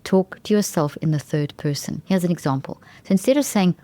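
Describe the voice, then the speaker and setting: A woman's voice: fairly low pitch, lively intonation, brisk, hardly any pauses, dark tone, no echo. A woman hosting a talk show, explaining brain science in an enthusiastic, emphatic way and often restarting phrases mid-sentence. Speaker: podcast host.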